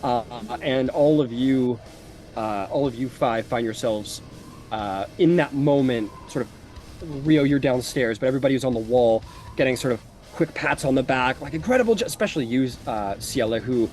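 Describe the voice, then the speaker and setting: Over faint background music, a man with a medium-pitched, darkish voice narrates a tabletop game as its game master. He speaks at a moderate pace in a loose, casual style packed with fillers.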